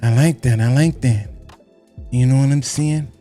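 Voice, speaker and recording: A man hosting a casual livestream chat, loud and playful, shouting out people in the chat and often asking "you know what I'm saying". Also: medium pitch, a little slow, faint music behind. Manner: hype, animated, shouts out chat names; loud, playful, breaks into singing and scatting. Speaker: livestream host.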